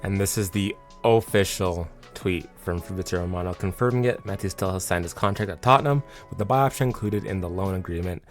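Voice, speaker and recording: A man hosting a football fan channel, talking casually and excitably with lots of fillers and restarts. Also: sits low, brisk, hardly any pauses, faint music behind. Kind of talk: casual vlog commentary.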